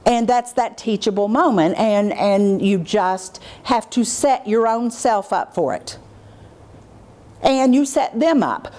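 A middle-aged woman presenting a teacher training workshop, lively, and acting out what she says to children in a lowered, measured voice. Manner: animated, acts out what she says to kids in a dropped, measured voice. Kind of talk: workshop lecture.

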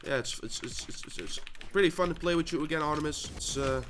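A man with a Dutch accent commentating his own gameplay, swearing and trash-talking his opponents with sudden yelling bursts. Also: a little high, fast talker, slight background noise. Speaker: gaming channel host.

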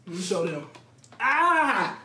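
A man's voice: high-pitched, very animated, unhurried, fairly bright tone, far from the mic. A young man vlogging a food challenge, his mouth burning, exclaiming and groaning in slangy casual banter. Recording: roomy echo, off-mic, faint noise.

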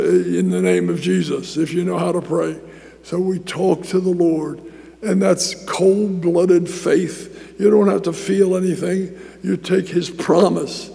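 A male pastor with a gravelly, mellow voice tells a sermon story, circling back over his words as he goes. His pitch sits high but barely moves. The sound carries a long hall reverb. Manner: storytelling with many repeated words and restarts.

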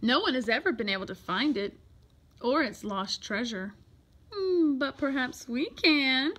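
A woman voicing a helpful, resourceful librarian who talks in a brisk, eager way, in a storybook read-aloud. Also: high-pitched, expressive, fairly bright tone, full character voice.

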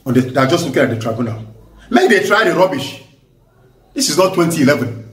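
A man with a Nigerian accent delivers fiery political commentary, pressing each point again and again with blunt force. His voice sits fairly high for a man. He sounds far from the mic in a room full of echo. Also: sing-song, quick pace. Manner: forceful, repetitive, emphatic, mixes in pidgin. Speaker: vlogger. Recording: echoey room, voice distant from mic.

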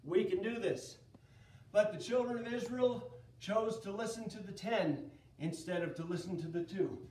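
High-voiced man teaching kids in an echoey room. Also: normal speed, distant mic. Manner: lively storytelling, asks the children questions. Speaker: children's church teacher. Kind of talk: children's Bible lesson.

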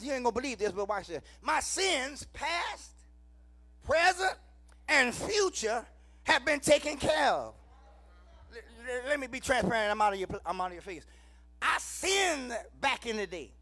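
A man with a Southern US accent preaching a sermon in church, calling out to the congregation, shouting lines and then dropping low. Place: church sanctuary.

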